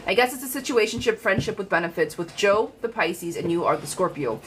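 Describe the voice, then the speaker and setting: Woman, tarot reader, chatty, frank, live stream, middle pitch, faint background hiss. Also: a little fast, rough recording. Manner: chatty, animated, frank, calls viewers girlfriend. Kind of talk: live-stream tarot reading, casual chat.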